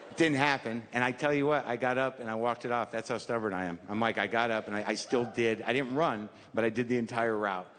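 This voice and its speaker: A man's voice: mid-range voice, steady tone, fast talker, hardly any pauses, a bit bright. A man in his fifties doing a stand-up routine, rambling in a neurotic, self-deprecating way and acting out little scenes. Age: 50s. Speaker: stand-up comedian. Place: comedy club stage. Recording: live stage recording with hall reverb and audience noise. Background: audience laughter.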